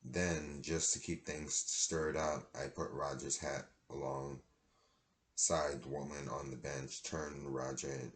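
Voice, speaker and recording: A man reads a children's storybook aloud in a plain way, now and then stumbling and restarting. His voice is extremely deep and stays nearly flat in pitch. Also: slow pace. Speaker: reader.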